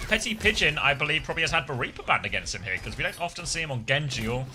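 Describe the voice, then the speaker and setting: A man's voice: fairly high pitch, expressive, racing. A man casually co-streaming an esports match from the south of England, chatting with his viewers and laughing often. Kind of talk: casual live co-stream commentary.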